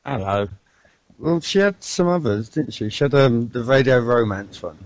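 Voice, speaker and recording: A man co-hosting a radio talk show, chatting in a relaxed, offhand way and swearing now and then. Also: medium pitch, moderate pace, dry recording, poor audio. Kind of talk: casual radio chat.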